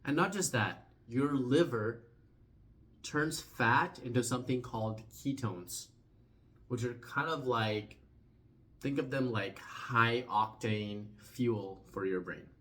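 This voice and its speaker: A young man explaining a topic in a casual vlog, conversational, often trailing off softly at the end of phrases and restarting words. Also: medium pitch, takes it slowly. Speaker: vlogger.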